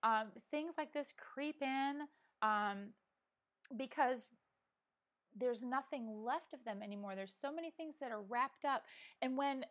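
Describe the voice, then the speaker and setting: A woman's voice: sits high, a little slow. A middle-aged woman hosting a casual live coffee chat from home, talking earnestly with many restarts and ums, on a clip-on microphone. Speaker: vlog host. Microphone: wearing a microphone.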